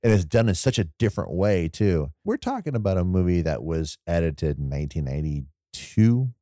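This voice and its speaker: A man with a very low, mellow voice talks through a movie in loose, rambling podcast chat. He retells scenes with quoted asides and laughs, recorded close and dry. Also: sing-song, moderate pace, no echo. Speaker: podcast co-host. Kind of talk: casual film discussion.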